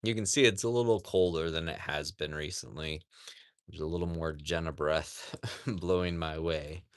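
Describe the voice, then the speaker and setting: A man hosting a casual livestream from a farm animal sanctuary outdoors, rambling with lots of "like" and talking softly to the animals beside him. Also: rumbling low, normal speed, clean tone, no echo, studio quality. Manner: rambling, says "like" often, talks softly to animals.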